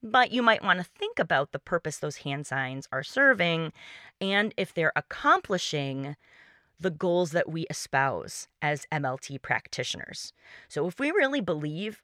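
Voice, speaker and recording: Podcast host, woman, lowish bright voice, dry close-mic sound, clear explanatory delivery. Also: no echo. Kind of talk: solo podcast talk on music teaching.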